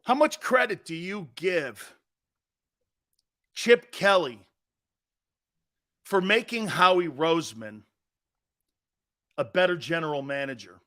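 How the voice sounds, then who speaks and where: A middle-aged man with an East Coast American accent, hosting a sports talk show in brash, loud, joking banter. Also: fairly high pitch, lively intonation, slow pace, long pauses. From Northeastern United States. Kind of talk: casual live show banter.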